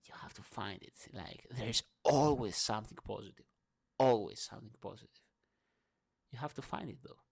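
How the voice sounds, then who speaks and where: A man who is not a native English speaker, giving an unscripted morning rant, emphatic and profane, with many fillers and restarts, swinging between loud and soft. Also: on the low side, moderate pace, creaky, husky. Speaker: vlogger.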